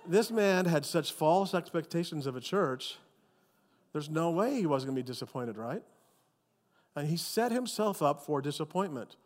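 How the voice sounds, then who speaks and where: Animated preacher man in a reverberant church. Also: a little high, normal speed. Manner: animated, emphatic storytelling. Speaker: pastor. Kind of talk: sermon.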